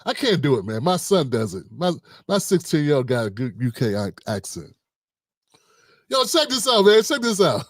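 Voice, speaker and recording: A man's voice: a little high, big pitch swings, moderate pace, dry recording, studio quality. A middle-aged man hosting a livestream, slangy and joking, talking animatedly to his viewers. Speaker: host. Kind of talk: livestream commentary.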